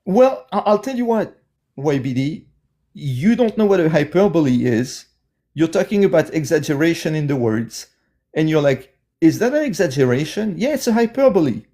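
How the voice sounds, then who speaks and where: A man's voice: fairly high pitch, sing-song, normal speed, mellow. A man with a French accent, arguing combatively in a live stream debate. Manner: argumentative, combative. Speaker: debate participant.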